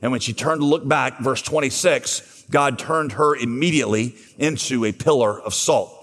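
Husky preacher in a reverberant hall. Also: male voice, medium pitch, normal speed, a bit bright. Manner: storytelling preacher, voices biblical dialogue. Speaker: pastor. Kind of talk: sermon.

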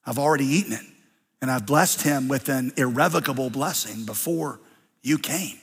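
A pastor voicing suspicious old blind Isaac. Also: male voice, medium pitch, moderate pace, breathy edge. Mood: shaken. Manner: incredulous, questioning. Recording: long hall reverb.

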